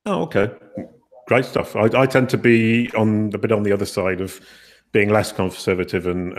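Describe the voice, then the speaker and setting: A man's voice: lowish voice, steady tone, normal speed. A man hosting a webinar over a video call, chatty and self-deprecating, often restarting his sentences. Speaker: webinar host. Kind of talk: casual webinar moderating.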